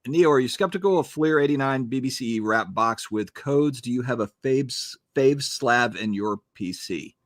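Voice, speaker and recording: A man's voice: medium pitch, normal speed, few pauses, no room sound, studio quality. A man co-hosting a casual livestream chat, asking curious questions and teasing the others. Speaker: co-host reading super chats.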